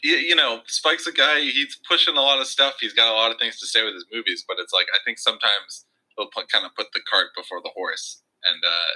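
A man's voice: medium pitch, brisk, bright, forceful tone, low-quality recording. A man co-hosting a casual film review chat, chatty and hedging with plenty of fillers. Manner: chatty, hedging, lots of fillers like "you know".

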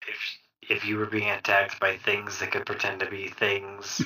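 A man playing a tabletop role-playing game, talking in a wry, deliberate way. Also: on the low side, monotone, sharp tone, slight background noise, low-quality recording. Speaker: player. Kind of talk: casual tabletop game chat.

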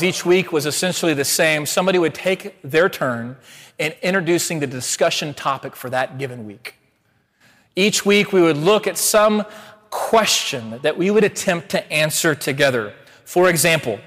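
A man preaching a sermon as pastor, reading scripture in a measured way with emphatic rises, then telling a story. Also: fairly high pitch, animated, a bit bright, long reverb tail. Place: church sanctuary.

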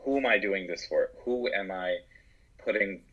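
An American actor and writer, guesting on a podcast, talks casually about acting and writing in an earnest, reflective way with frequent restarts. His voice is low-pitched, a bit bright, and husky, at a moderate pace. The recording sounds dull and lo-fi.

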